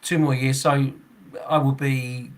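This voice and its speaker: A man's voice: mid-range voice, little pitch movement, slow. A man in his sixties, a football referee hosting a podcast, chatting casually in a rambling way, chuckling often and restarting his sentences. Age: 60s.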